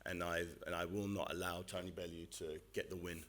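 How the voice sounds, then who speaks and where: Man, boxer, press conference answers, low voice, determined, measured. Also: flat delivery, fairly bright tone.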